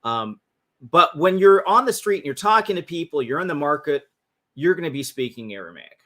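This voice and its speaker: A man's voice: on the high side, lively intonation, moderate pace, a bit bright. A man hosting a livestream, explaining history in a casual teaching talk that often restarts its phrases. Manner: casual, restarts phrases, talks through slides. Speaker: host. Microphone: livestream mic.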